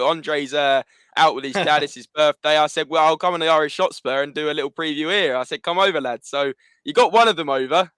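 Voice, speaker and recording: A man's voice: fairly high pitch, bright, forceful tone, clear, resonant tone, no room sound. A man chatting casually as a guest on a livestream, enthusiastic and rambling. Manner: enthusiastic, talks in loose asides. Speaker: guest pundit.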